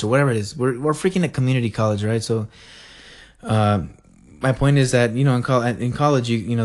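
A young man from the El border area, talking in a rambling, self-correcting way and laughing often. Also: medium pitch. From El Paso-Juarez border region. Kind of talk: casual rambling monologue.

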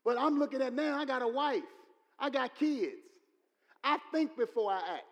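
High-voiced preacher in a reverberant hall. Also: male voice, normal speed. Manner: repetitive, building to loud exclamations. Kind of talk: sermon.

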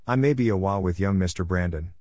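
A man voicing a calm, controlled, authoritative house manager in a story reading. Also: sits low, fast, no room sound, clean studio sound, natural voice. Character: calm, commanding adult male house manager.

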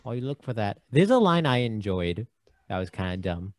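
A man co-hosts a film podcast in an animated, jokey way and often restarts his sentences. His pitch swings a lot. The recording is dry, close and plain. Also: fairly quick, dry recording. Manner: animated, jokey, trips over words. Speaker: podcast co-host. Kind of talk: casual movie discussion.

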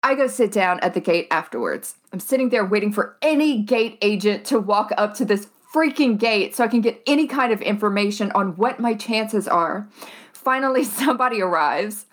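Animated woman telling a story. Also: medium pitch, moderate pace. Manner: animated, laughing, swears, acts out voices. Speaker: podcast co-host. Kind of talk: casual storytelling chat.

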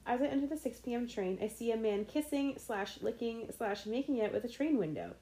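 A woman's voice: a little high, animated, a little fast, dark tone, reverberant, rough recording. A young woman co-hosting a casual podcast, reading stories aloud, giggly and full of "like"s. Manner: giggly, talks with many "like"s. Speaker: podcast co-host.

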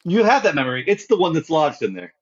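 High, expressive male voice, halting thinker, muffled lo-fi recording. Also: husky. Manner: hesitant, many restarts, thinks aloud. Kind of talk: casual chat. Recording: dull lo-fi sound.

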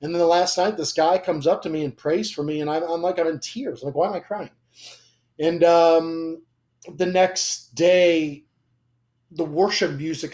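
A man's voice: a little high, a little mellow. A young man sharing a personal faith testimony in casual conversation, emotional and rambling, with frequent fillers and restarts. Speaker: guest.

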